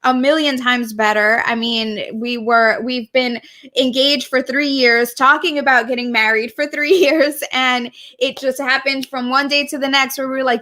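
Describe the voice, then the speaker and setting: An unhurried woman with a high-sitting, steady voice co-hosts a podcast. The conversation is casual and heartfelt, and she gushes warmly and laughs a lot.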